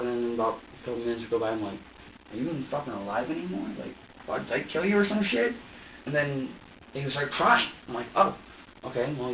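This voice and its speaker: A man's voice: medium pitch, a little hiss or hum. A man talks through a long, rambling account, swearing freely, stumbling over restarts and voicing his own past thoughts. He sits well back from the microphone in a bare interrogation room, so he sounds distant and reverberant, with a dull, muffled tone. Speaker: suspect being questioned.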